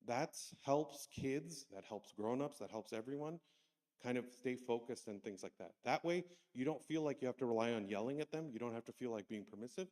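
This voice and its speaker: A man talks through a teacher-training workshop in a loose, conversational way, dropping into short stories and mimicking his students. His voice sits at an ordinary middle pitch. The sound carries a long church-hall reverb around it. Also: fairly quick, darkish tone. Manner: conversational, anecdotal, acts out kids' voices. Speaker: Sunday school teacher trainer.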